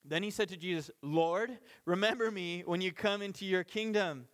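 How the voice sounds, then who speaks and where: Guy with a fairly high voice going verse by verse, casual preacher vibe, little laughs, trips over his words sometimes. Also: normal speed, fairly bright tone. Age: parent of children. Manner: informal, chuckles between points, restarts mid-sentence. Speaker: pastor. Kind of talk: conversational Bible teaching.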